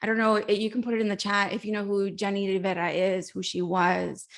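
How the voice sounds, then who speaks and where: A woman life coach giving a heartfelt, encouraging motivational talk over a video call, with soft laughs now and then. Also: mid-range voice, flat delivery, brisk. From Mexico.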